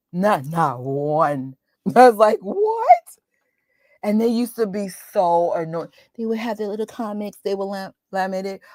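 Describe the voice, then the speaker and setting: Chatty animated woman host. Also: fairly low pitch, dry recording, studio quality. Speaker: watch party host. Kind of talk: casual chat.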